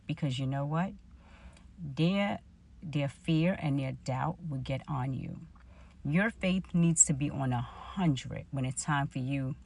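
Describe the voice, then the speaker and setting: A woman's voice: low voice, gravelly. A woman, telling a personal faith story and acting out her own past conversations. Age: 40s. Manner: storytelling, animated retelling of her own dialogue. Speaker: vlogger.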